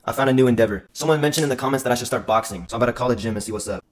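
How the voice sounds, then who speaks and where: A man's voice: mid-range voice, roomy sound, crowd noise. A young man telling funny stories about his childhood in casual, profane chat. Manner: fast, profane, joking. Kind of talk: casual storytelling monologue.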